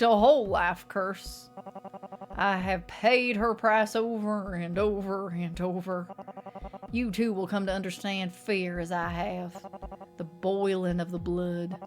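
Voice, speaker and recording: Woman doing an anguished old dad for a horror visual novel, put-on accent, mid pitch, faint music behind. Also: lightly acted. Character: haunted, guilt-ridden elderly father, frantic.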